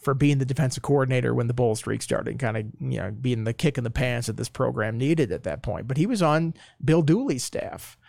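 A man talking casually on a podcast as a sports reporter, telling stories with quick asides. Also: medium pitch, vocal fry, a little mellow, dry recording, clean studio sound. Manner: chatty storyteller, quick asides.

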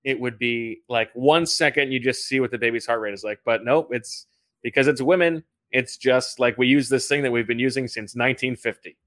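A man's voice: mid-range voice, fairly quick, fairly bright tone. Guy rambling on a sports podcast, lots of likes and uhs. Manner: rambling, many fillers. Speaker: podcast panelist. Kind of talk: casual sports chat.

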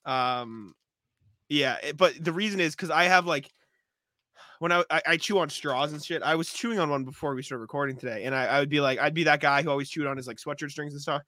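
A young man chats on a podcast, laughing his way through everyday stories. His voice is bright and sits a bit high. The sound is dry and close. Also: fairly quick, no room sound. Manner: laughs often while telling stories. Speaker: podcast co-host. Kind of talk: casual chat.

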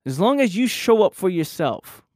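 Here a podcast host with a high-pitched, sing-song voice and a darkish tone delivers an earnest motivational monologue at a moderate pace. He stresses key phrases by repeating them and swears casually. The studio-quality recording has no room sound.

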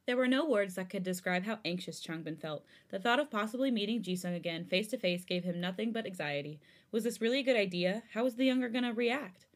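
A woman's voice: mid-range voice, expressive, fast, hardly any pauses. A woman podcast host narrating fan fiction aloud in an earnest storytelling manner.

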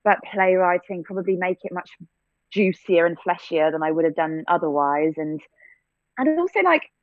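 A woman's voice: fairly low pitch, expressive, normal speed, no room sound. Brief: English woman actor, thoughtful interviewee, dry close sound, thin phone-like line. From England. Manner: reflective, many restarts and fillers, light laughs. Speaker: actor and theatre-maker. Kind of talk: conversational interview answers.

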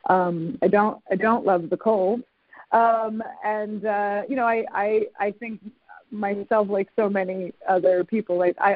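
A podcast host in casual conversation, talking haltingly with many fillers and restarts. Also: mid-range voice, no echo. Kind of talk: casual conversation over a call. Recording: tinny phone-like line, dry.

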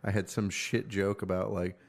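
A man's voice: sits low, level tone, normal speed, vocal fry. A man co-hosting a casual podcast, blunt and profane in his opinions. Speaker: podcast co-host. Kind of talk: casual chat.

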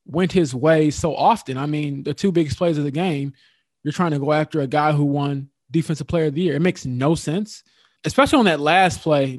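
A man recounting locker-room interviews as a sports reporter, in casual podcast talk with an animated storytelling manner. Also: fairly high pitch, dry recording, studio quality.

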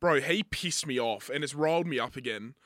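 A man's voice: medium pitch, a little fast, fairly bright tone, no room sound, clean studio sound. A man, co-hosting a podcast, chiming in heatedly with a lot of swearing. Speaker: podcast co-host. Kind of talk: casual podcast banter.

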